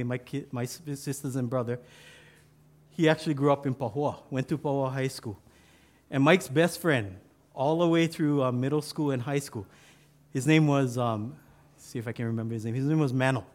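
Man, pastor, storytelling sermon, chatty asides and restarts. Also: mid-range voice.

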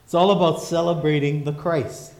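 A pastor preaching a sermon in emphatic, repeating refrains. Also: male voice, a little high, fairly even intonation, moderate pace, echoey room.

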